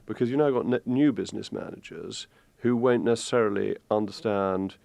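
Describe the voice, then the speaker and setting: A man from England in his fifties, a guest talking politics in a measured way, hesitating with ums. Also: on the low side, creaky, a little mellow, no room sound. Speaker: guest commentator. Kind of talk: political discussion.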